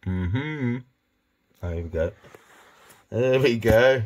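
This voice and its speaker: A man talking softly and coaxingly to his pet hedgehog in a casual vlog. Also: expressive, slow pace, pauses often, a little hiss or hum. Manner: soft, coaxing, low-key murmuring to his hedgehog. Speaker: pet keeper vlogger.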